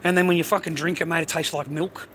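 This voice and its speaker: Older Australian bloke hosting a livestream, high and bright voice, foul-mouthed casual rambling, faint noise behind. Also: male voice, fairly even intonation, fast. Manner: swears constantly, calls listener mate and bro. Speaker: livestream host. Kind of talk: casual rambling monologue to viewers.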